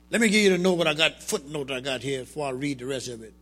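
A man preaching a sermon to his congregation, calling out to the crowd and building to shouts. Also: fairly high pitch, quick pace, hardly any pauses, soft background music. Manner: colloquial, drops into vernacular.

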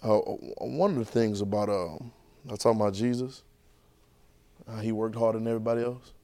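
A man preaching a sermon to a class at a church training center, animated and repetitive, firing rhetorical questions. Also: fairly low pitch, a little fast.

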